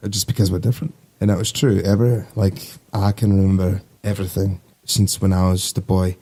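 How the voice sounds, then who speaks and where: A man's voice: low voice, flat delivery, fairly quick, mellow, breathy edge. A man in his twenties, a navy sailor telling stories as a guest in a casual podcast conversation, rambling and easygoing with lots of fillers. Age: 20s.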